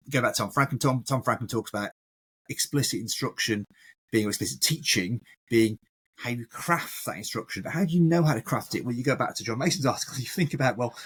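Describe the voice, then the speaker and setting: Male educator, co-host, husky mid-range voice, animated and emphatic. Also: medium pitch. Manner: animated, acts out classroom examples. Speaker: maths educator, podcast co-host. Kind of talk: casual discussion.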